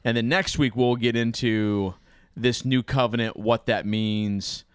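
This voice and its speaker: A man's voice: mid-range voice, fairly even intonation, unhurried, smooth, no room sound, studio quality. An American man, a pastor, talking about his sermon in a rambling, self-interrupting way and laughing often. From United States. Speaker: pastor and preacher. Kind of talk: casual chat.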